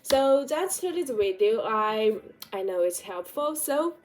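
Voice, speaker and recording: A woman's voice: fairly high pitch, sing-song, slow pace. A woman vlogger gives direct motivational advice, asking repeated rhetorical questions in non-native English phrasing. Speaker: vlogger giving life advice. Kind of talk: motivational talk to camera.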